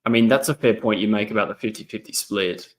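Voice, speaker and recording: Young australian man, slightly low voice, casual livestream chat, lots of ums, rambling. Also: fast talker. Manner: rambling, many ums, reads chat messages aloud. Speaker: footy livestream host. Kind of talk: casual live match commentary and chat. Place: indoors at a laptop.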